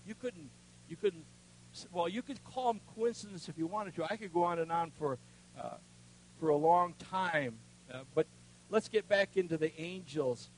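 Older guy preaching, folksy storyteller, bit of a higher voice, goes hushed then loud, faint hum behind. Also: normal speed, poor audio. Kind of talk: sermon with personal testimony.

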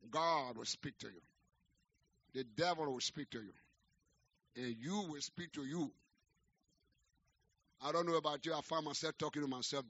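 A middle-aged man, preaching a sermon as a pastor and telling his story with rising, shouted exhortation. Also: fairly high pitch, creaky, breathy edge. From Liberia. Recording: dull, lo-fi sermon recording.

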